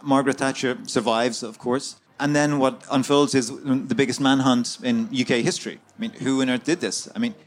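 A man's voice: mid-range voice, fairly even intonation, moderate pace, few pauses. A man being interviewed as an author, recounting events in a fluent, conversational way with frequent fillers and restarts, recorded at a festival. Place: outdoor festival.

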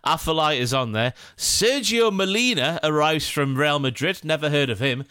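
A man's voice: fairly high pitch, expressive, normal speed, bright, forceful tone, clear, resonant tone, dry recording, clean studio sound. A man co-hosting a casual football podcast, joking and reading out listener mail with playful asides. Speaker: podcast co-host.

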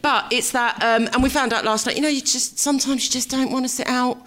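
A woman's voice: high voice, steady tone, quick pace, a bit bright, a little hiss or hum. Chatty English woman co-hosting a podcast. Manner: chatty, teasing, laughs often. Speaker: podcast co-host. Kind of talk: casual chat.

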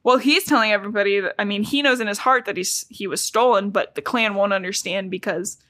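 Bright, chatty young woman. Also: medium pitch, dry recording. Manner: chatty, fast, frequent "like" and laughs. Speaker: podcast host. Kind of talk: casual book recap chat.

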